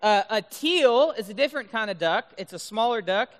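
Youth speaker, male, high and bright voice, playful, keeps asking "right?", long hall reverb. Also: lively intonation, normal speed. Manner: playful, keeps checking in with the audience. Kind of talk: youth talk with duck call demos. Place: large room full of high schoolers.

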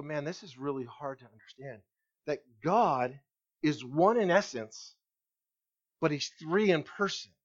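A male pastor preaching a sermon, slowing down and dropping his voice low to land key words. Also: muffled recording. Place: church.

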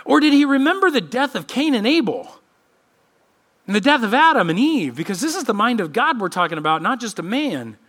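Bright, lively-voiced male preacher. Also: very high-pitched, a little fast. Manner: expressive preaching, acting out quoted voices. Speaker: pastor. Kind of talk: sermon. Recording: church podcast sermon.

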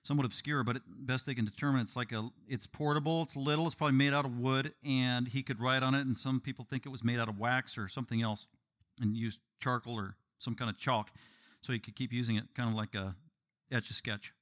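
A man preaching an expository sermon. He delivers it in an animated, emphatic way, with joking asides to the congregation. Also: mid-range voice, brisk. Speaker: pastor.

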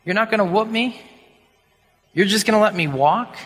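Brief: man voicing a defiant schoolboy for a sermon story, sneering and brash, high and bright, long hall reverb. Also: normal speed, breathy edge. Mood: disbelieving. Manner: sneering and brash, later pleading. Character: defiant young schoolboy, cocky then tearful.

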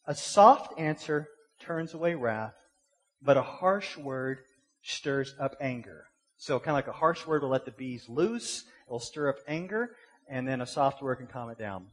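A man's voice: medium pitch, slightly rough. A middle-aged man, preaching a sermon in a casual, conversational way, full of rhetorical questions and repeated words. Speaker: pastor. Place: church sanctuary. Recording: long hall reverb.

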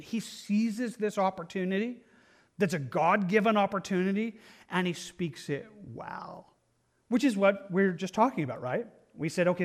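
High-voiced earnest male preacher. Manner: earnest, repeats words and restarts, reads scripture aloud. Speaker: pastor. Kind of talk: expository sermon.

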